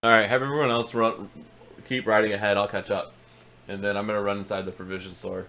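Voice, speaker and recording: A man's voice: lowish voice, flat delivery, fast talker, sharp tone, slight background noise. A man playing in a tabletop game, chatting in a hesitant way. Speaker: player.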